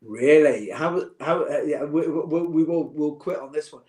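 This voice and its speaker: A man's voice: a little high, unhurried, darkish tone. A middle-aged man, chatting as a podcast guest, joking and heartfelt by turns. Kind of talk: casual chat.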